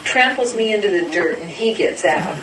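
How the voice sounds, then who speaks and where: A woman's voice: animated, normal speed, roomy sound, far from the mic, crowd noise, natural voice, poor audio. A woman reading a story aloud, voicing a bitter, self-pitying blind male street peddler. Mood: bitter, pleading. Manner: wheedling, self-pitying, then shrill and frantic.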